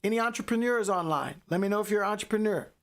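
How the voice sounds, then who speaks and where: A woman's voice: mid-range voice, fast. A woman hosting a live motivational faith talk, emphatic and preachy, repeating phrases for effect. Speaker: podcast host.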